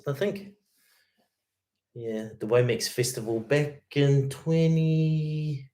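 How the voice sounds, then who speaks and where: During a casual guitar livestream, a man with a warm, medium-pitched voice reads out viewer comments. He chats in a laid-back way, dropping "man" and "mate" throughout.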